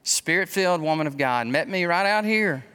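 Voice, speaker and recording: A man in his fifties preaching a conversational sermon, telling stories in an animated way with quick asides. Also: a little high, clean tone. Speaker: pastor. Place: church sanctuary. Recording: long hall reverb of a church.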